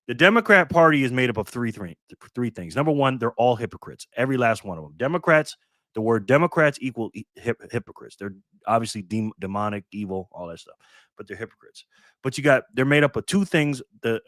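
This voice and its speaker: A man's voice: medium pitch, animated, brisk, fairly bright tone, no echo, studio quality. A man hosting a casual live stream, ranting bluntly with frequent swearing and thanking viewers by name. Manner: blunt, profane, ranting commentary.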